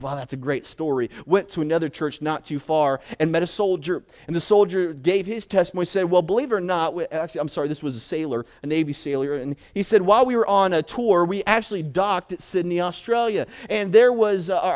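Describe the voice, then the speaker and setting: A young man preaching a sermon, telling an illustration story, swinging between loud emphatic bursts and hushed lines and often repeating words as he builds up. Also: high voice. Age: young adult.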